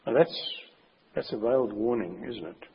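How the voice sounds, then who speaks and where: A man preaching a sermon with a very husky voice, speaking emphatically and slowing down to stress his warnings. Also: mid-range voice, expressive, a little hiss or hum. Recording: dull recording with long hall reverb.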